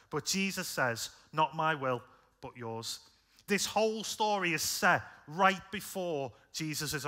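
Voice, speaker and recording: British guy preaching, bright ringing tone, earnest, goes loud then quiet. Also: on the high side. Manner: earnest, conversational, builds up then drops soft. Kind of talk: sermon. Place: church.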